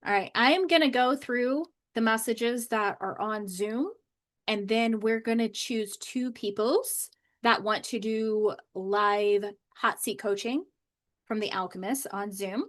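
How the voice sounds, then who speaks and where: Chatty, bubbly woman with a higher voice. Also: measured pace, a bit bright. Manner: chatty, bubbly, with frequent "like" fillers. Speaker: manifestation coach. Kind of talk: casual live-stream chat. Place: home office at a desk.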